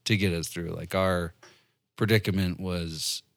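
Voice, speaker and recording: Deep-voiced laid-back man. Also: fairly even intonation, unhurried. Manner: laid-back, swears casually, laughs often. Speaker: expedition member. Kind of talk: casual podcast chat.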